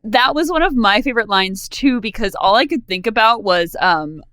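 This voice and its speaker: A woman's voice: fairly high pitch, moderate pace, smooth, dry recording. A woman co-hosting a podcast, chatting casually about a TV episode with frequent giggles. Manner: giggly, relaxed, trails off with fillers. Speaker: podcast co-host. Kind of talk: casual chat recapping a TV episode.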